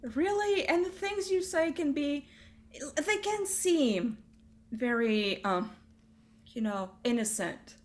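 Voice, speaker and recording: A woman's voice: sits high, lively intonation, slow pace. A woman playing her character in a tabletop game, blunt and exasperated, swearing now and then. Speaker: player. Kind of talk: tabletop role-play.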